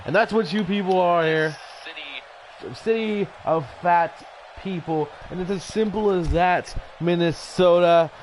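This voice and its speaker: A man voicing a vain, arrogant male wrestling champion who cuts a taunting promo over a video game, pompous and now and then shouting. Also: high-pitched, a little slow, slight background noise, poor audio. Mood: smug insulting.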